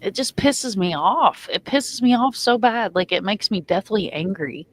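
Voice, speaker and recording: A woman's voice: mid-range voice, animated, measured pace. Female host, heated and foul-mouthed, casual group talk. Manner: angry, profane ranting.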